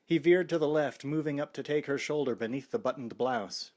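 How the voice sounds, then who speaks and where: Wry, expressive male audiobook narrator. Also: mid-range voice, brisk. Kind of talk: scripted horror novel narration.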